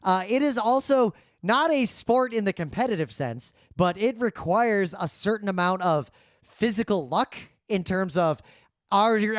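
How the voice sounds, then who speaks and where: A man co-hosting a podcast, explaining points in a measured, explanatory way into a studio microphone. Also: high-pitched, dry recording. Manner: measured, explanatory, adapts his talk for the microphone. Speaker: podcast co-host. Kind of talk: casual discussion.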